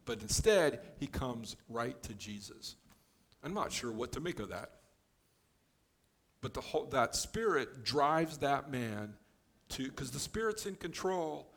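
Guy doing a laid-back bible teaching, regular middle pitch, chatty, tosses in little jokes. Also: a little slow, gravelly. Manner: relaxed and explanatory, with offhand joking asides.

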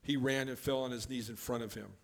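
A man of ordinary pitch walks his listeners through scripture in an easy, conversational teaching voice. He explains each verse plainly and drops in the odd offhand joke. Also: fairly quick, vocal fry. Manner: relaxed and explanatory, with offhand joking asides. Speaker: Bible teacher.

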